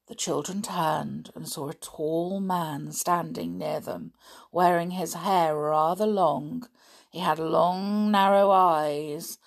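Woman reading a storybook, lower voice. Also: gravelly. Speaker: audiobook narrator. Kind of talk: storybook narration.

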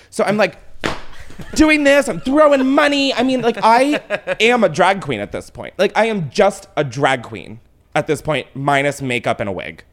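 A man hosting a casual chat, telling a story with lots of swearing and laughter. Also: fairly high pitch. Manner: animated storyteller, swears freely, laughs often. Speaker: podcast host.

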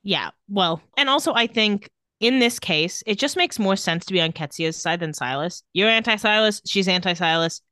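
Bright, lively woman podcast co-host. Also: mid-range voice, normal speed, few pauses, no echo, studio quality. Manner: animated, quotes characters in put-on voices. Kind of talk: casual chat recapping a TV episode.

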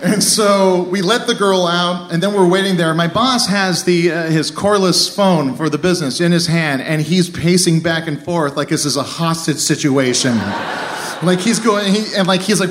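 A man telling a funny true story on stage, animated and laughing as he goes. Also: high voice, moderate pace, background noise. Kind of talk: live comic storytelling.

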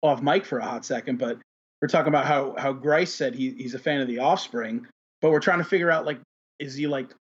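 Guy hosting a podcast, husky voice, rambly and sweary, kinda muffled lo-fi sound. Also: mid-range voice, fairly quick. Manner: rambling, heavy on fillers, profane. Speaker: podcast host. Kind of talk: casual chat.

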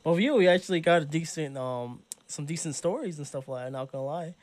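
Higher-voiced laid-back podcast host man. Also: quick pace, no room sound. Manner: laid-back, laughs easily, short reactions. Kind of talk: casual chat.

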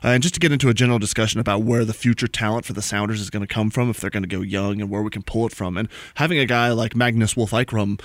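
A man hosting a casual soccer podcast, talking in a joking, animated, rambling way. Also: fairly low pitch, very fast, hardly any pauses, no echo. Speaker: podcast host. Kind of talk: casual sports chat. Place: small studio room.

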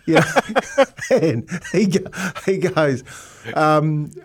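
A man's voice: a little high, a little slow. A middle-aged man from New Zealand, a podcast co-host telling stories in casual chat, rambling with many restarts.

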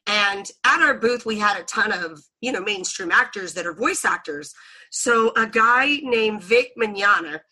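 A woman chatting as a podcast guest, her voice bright and clear. She tells her story in an animated way, laughing often and acting out what people said. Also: mid-range voice, a little slow. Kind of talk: casual storytelling chat.

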